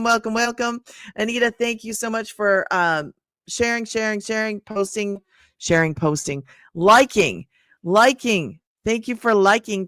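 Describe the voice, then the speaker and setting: An older woman hosting a casual live stream. She pitches an online business to viewers, thanks them by name and repeats herself often. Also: fairly bright tone, dry recording, studio quality. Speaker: livestream host selling an online business program. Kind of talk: casual livestream sales talk.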